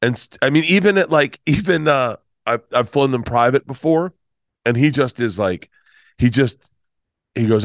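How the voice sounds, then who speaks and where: A man's voice: medium pitch, lively intonation, normal speed, no echo, studio quality. A man in his fifties, a comedian guest telling a rambling story full of restarts and swearing. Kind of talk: storytelling in conversation.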